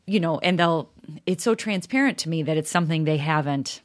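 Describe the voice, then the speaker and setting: A woman's voice: low-pitched, brisk. A middle-aged woman co-hosting a podcast with her husband, talking in a reflective, earnest way with frequent restarts. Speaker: podcast co-host. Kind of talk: casual conversation.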